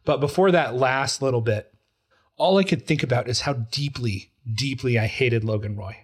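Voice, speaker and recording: A man's voice: medium pitch, moderate pace, slightly rough. Emotional, talkative man in his forties. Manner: emotional, animated storytelling with quoted voices. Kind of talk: casual chat about a TV show.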